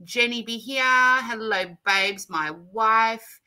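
Bright-voiced, bubbly Australian woman. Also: on the high side, slow pace, clear, resonant tone. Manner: chatty, bubbly, laughs often, greets warmly. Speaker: livestream host. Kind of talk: casual live chat greeting viewers. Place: home craft room.

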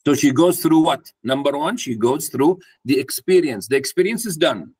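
A man's voice: fairly high pitch, lively intonation, normal speed, a little mellow, husky. A man speaking to a live audience at a mentoring workshop, putting questions to the room and acting out a parent talking to a child. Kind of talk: interactive workshop talk.

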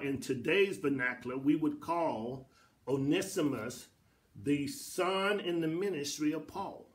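Preaching pastor, somewhat high voice. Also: male voice. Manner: preacherly, repetitive cadence, rising to emphatic peaks. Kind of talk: Bible study teaching. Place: church sanctuary.

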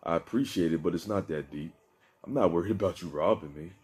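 A man voicing a laid-back, generous man in a wheelchair who talks in easygoing street slang, with a deep, mellow voice. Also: fast, close to an everyday voice.

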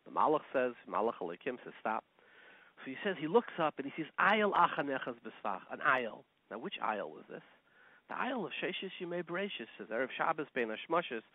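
A man's voice: medium pitch, very animated, brisk, dry recording. A man, a rabbi giving a Torah lecture, telling stories animatedly and weaving in Hebrew and Yiddish terms. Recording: tinny phone-line sound, dry.

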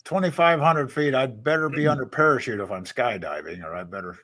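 A man chatting casually as a guest, who stammers and lets his sentences fade out quietly. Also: mid-range voice, fairly quick, heavy background noise. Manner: stammering, trails off quietly at phrase ends. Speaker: guest on a livestream. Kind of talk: casual chat. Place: at home.

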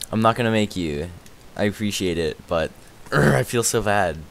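A man streaming a game live, rambling excitedly, answering chat and thanking viewers as he plays. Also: deep voice, normal speed, a little hiss or hum. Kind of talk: live gaming stream chatter.

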